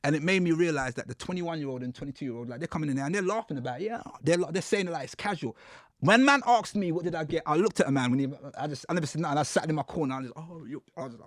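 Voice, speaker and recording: Animated man telling a story. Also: fairly high pitch, racing, no echo, clean studio sound. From United Kingdom. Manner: animated storyteller, acts out quotes with slang. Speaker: podcast guest. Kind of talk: casual storytelling interview.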